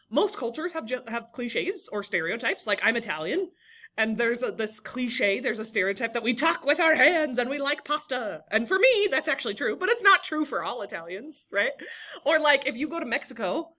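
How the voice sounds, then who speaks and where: A woman's voice: fairly high pitch, animated, normal speed, sharp tone. A young woman teaching a classroom lesson, encouraging and talking to students by name.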